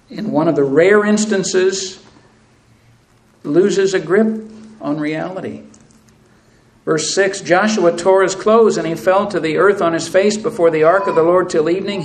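A man's voice: high-pitched, poor audio. A man preaching a sermon, earnestly reading scripture aloud and addressing the congregation as brethren. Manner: earnest, reads scripture aloud with rising intensity.

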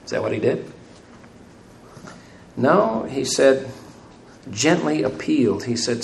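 A man's voice: mid-range voice, slow, gravelly, pauses often. Man, preacher, rhetorical questions, sermon, echoey room, faint room noise. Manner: asks the congregation rhetorical questions; light self-deprecating humor.

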